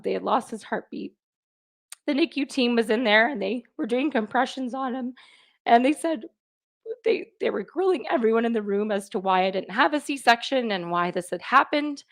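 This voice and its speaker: A woman's voice: medium pitch, gravelly, fairly bright tone. A woman telling her own story on a live chat, emotional at times and retelling what others said, with restarts. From Canada. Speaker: guest sharing her birth story.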